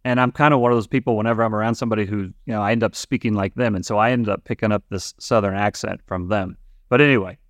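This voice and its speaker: A man's voice: on the low side, steady tone, fast talker, dry recording. A man from rural Nebraska co-hosting a finance podcast, chatty and rambling with many restarts. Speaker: podcast co-host. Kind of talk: casual finance chat.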